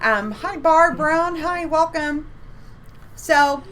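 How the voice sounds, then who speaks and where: A chatty woman co-hosts a casual live stream from home. Her voice sits fairly high, and she keeps an upbeat, repetitive flow, stacking words for emphasis over a faint background hiss. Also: very slow, fairly bright tone. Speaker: co-host of a psychic reading stream.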